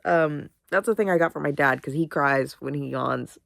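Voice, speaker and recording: A woman's voice: low voice, moderate pace, gravelly, dry recording, studio quality. A sleepy, sniffly young woman vlogging in casual, rambling chat, swearing freely. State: sleepy, yawning; sniffly, congested.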